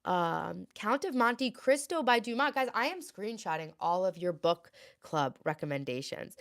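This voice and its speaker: A woman's voice: on the low side, lively intonation, unhurried, hardly any pauses. A woman in her late thirties, hosting a casual livestream and chatting and rambling as she reads viewer comments aloud. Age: 30s. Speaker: livestream host.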